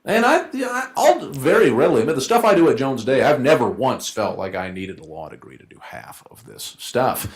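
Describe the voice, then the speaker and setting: Lively joking man in an echoey room. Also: medium pitch. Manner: joking, rhetorical, quick back-and-forth asides. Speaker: debater, law firm associate. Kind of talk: informal debate argument. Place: event room.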